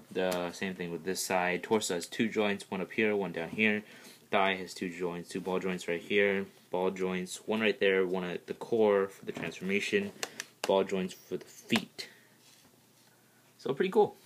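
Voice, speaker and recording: A man with a very low voice walks through transforming a custom toy in a casual, rambling way. He keeps restarting his sentences and breaks into bursts of excitement. A faint hiss sits under the recording. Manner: eager, rambling, many "all right, so" restarts.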